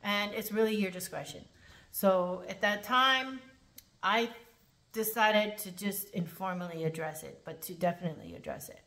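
A woman corrections officer tells a story from her job in a casual, animated way, leaning on "like" and "um". Her voice sits at a middle pitch and sounds bright and crisp. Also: moderate pace. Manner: chatty, animated, with fillers like "like" and "um".

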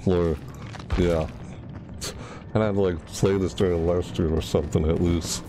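A man's voice: deep voice, fairly even intonation, normal speed, noisy background. Chatty man narrating his gameplay. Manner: chatty, easily panicked, talks to himself while playing. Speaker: gaming channel host. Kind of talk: casual game commentary.

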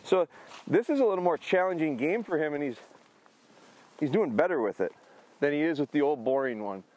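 A middle-aged man training a hunting dog outdoors, explaining his approach in a relaxed way between short commands. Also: fairly quick. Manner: high excited praise to the dog. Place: outdoors in a field.

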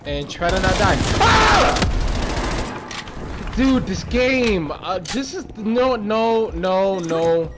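High-voiced panicky young man gamer. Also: animated, slow, hardly any pauses, noisy background. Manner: panicky, screams and shrieks when startled. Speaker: gaming streamer. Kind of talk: frightened gameplay commentary. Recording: loud game sounds behind.

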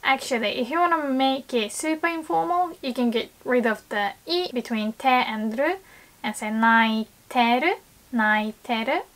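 A woman explaining grammar in a patient, slow way, with a fairly high voice. She moves between English explanations and Japanese example sentences, repeating phrases so they sink in. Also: lively intonation, fairly bright tone. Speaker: Japanese language teacher. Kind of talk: video language lesson.

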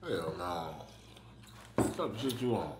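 A man's voice: sits low, very animated, a little slow. A man co-hosting a mukbang video, playful and joking with casual cursing, often talking with his mouth full. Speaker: mukbang channel co-host. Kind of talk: casual chat while eating on camera. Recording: roomy echo, noticeable background noise.

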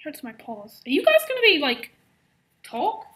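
A young woman voicing an excitable young musketeer lady, high and bouncy, swinging from shrieks to whispers in an improvised game role-play. Her voice is bright and keen, with a lively, leaping pitch. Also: normal speed, heavily acted. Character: Milady de Winter, excitable young female musketeer. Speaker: player voicing a musketeer in an online animal game.

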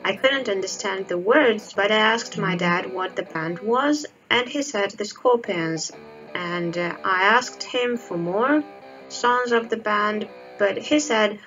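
A woman's voice: mid-range voice, takes it slowly, a bit bright. A woman fan speaks unhurriedly and reflectively, recalling a personal memory for an interview. Her voice sounds slightly dull and lo-fi, and faint music plays behind her.

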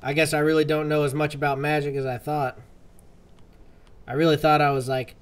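A man's voice: on the high side, flat delivery, a little fast, smooth. A young man casually commenting on a role-play game, joking and talking back to the characters. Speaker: gaming video host.

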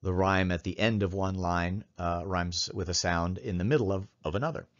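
A man giving a lecture as a literature professor. He talks in a thoughtful, halting way, with many fillers and restarts, and reads lines of verse aloud in a measured way. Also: deep voice, dull audio.

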